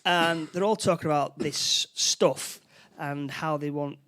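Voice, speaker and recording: A man co-hosting a relaxed film podcast, recapping a movie scene by scene. He rambles, restarts and repeats words as he goes. His voice sits a little on the higher side. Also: unhurried. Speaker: podcast co-host. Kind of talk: casual film chat.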